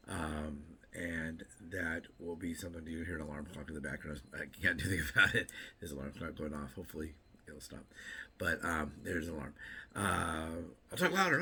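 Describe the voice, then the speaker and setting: Deep-voiced guy with a gravelly edge just rambling thru his morning vlog, lots of um and repeats. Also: bright, forceful tone, slight background noise. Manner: rambling, chatty, self-interrupting with repeats and fillers; joking asides. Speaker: vlogger. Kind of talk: casual morning vlog chat.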